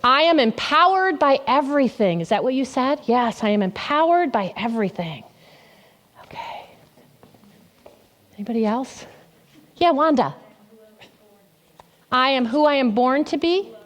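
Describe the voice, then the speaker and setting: A woman's voice: high-pitched, lively intonation, a little slow, pauses often. A woman pastor giving an interactive sermon in a church, asking the congregation questions and repeating their answers back. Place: church sanctuary.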